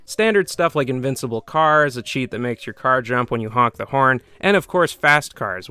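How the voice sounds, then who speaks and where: A man's voice: medium pitch, sharp tone, clear, resonant tone, dry recording. A man delivering scripted comedic video game commentary, sarcastic and prone to swearing rants. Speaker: gaming video host.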